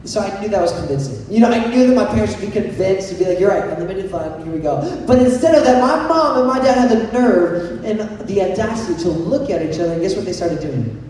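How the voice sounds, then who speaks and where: A young man leads a youth sermon, playful and full of jokes, regularly asking his audience to raise their hands. His voice sits fairly high with a mellow tone. He is recorded from a distance in a large hall with a long, echoing reverb and faint background noise. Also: animated, fast talker, hardly any pauses. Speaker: youth pastor. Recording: echoey hall recorded from far off.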